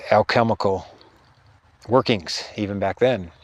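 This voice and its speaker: A middle-aged man, a spiritual teacher, telling a meandering story in a halting way, full of restarts and trailing phrases. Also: fairly low pitch, a little mellow, no room sound.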